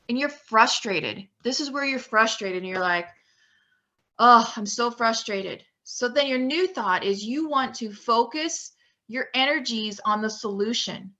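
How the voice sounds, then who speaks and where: A woman weight-loss coach teaches from a slide in a bright, somewhat high voice. She drives her points home with emphatic repetition and motivational urging. The recording sounds a little dull and lo-fi. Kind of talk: slide presentation lesson.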